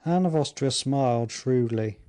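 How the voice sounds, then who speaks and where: A man reading a classic novel aloud in measured, even audiobook narration. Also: mid-range voice, clean tone.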